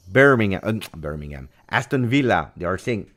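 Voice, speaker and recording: A man hosting a football vlog, talking in an emphatic, theatrical way that jumps between loud and hushed. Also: on the low side, expressive, normal speed. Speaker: football channel host. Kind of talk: animated football commentary vlog.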